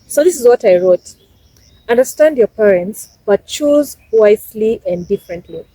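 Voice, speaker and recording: A woman's voice: on the high side, expressive, normal speed, warm tone, husky, no room sound, rough recording. A Kenyan woman in her twenties giving emphatic, casual life advice in a vlog, repeating her points for stress. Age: 20s. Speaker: vlogger.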